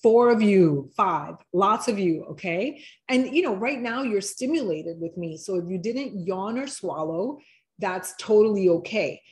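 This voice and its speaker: A woman hosts a live online wellness workshop, guiding her viewers through relaxation exercises one step at a time. She talks in a chatty, encouraging way and slows down when she gives instructions. Her voice sits at an ordinary middle pitch. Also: animated.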